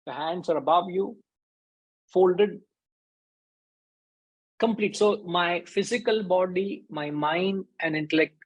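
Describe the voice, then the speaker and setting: A man's voice: sits high, slow, pauses often, lo-fi sound. A man giving a conversational spiritual discourse as a teacher, briefly acting out the voices in his stories. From India.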